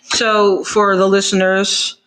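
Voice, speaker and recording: A young man with a fairly high voice co-hosts a relaxed couple's podcast. He jokes and teases in loose, casual chat and laughs easily. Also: slow. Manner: joking, teasing, laughs easily. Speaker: podcast co-host.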